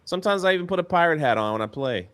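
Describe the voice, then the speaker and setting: A man with a fairly high, bright and forceful voice chats casually as co-host. He rambles, trails off mid-thought and often laughs through his words. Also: animated, racing, clear, resonant tone. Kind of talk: casual chat.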